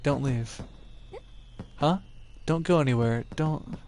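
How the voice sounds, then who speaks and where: A man playing a story game on stream, reading the lines aloud and reacting loudly with swearing and laughter. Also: medium pitch, takes it slowly, slight background noise. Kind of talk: game let's play with read-aloud dialogue.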